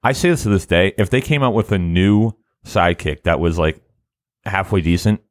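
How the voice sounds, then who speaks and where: A man chatting casually as a podcast co-host, laughing often and rambling with restarts, his voice a little hoarse from the morning. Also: low voice, normal speed, dry recording, clean studio sound. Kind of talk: casual chat.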